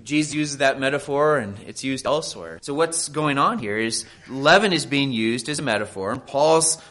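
A man's voice: mid-range voice, lively intonation, normal speed, a bit bright. A man, a pastor, delivering a sermon in an earnest, emphatic preaching manner, often pressing his point with rhetorical questions.

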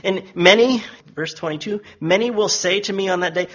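Emphatic husky male preacher, lo-fi. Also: normal speed, hardly any pauses. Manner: emphatic, rises for quoted voices and drops low and quiet for solemn lines. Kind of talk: sermon.

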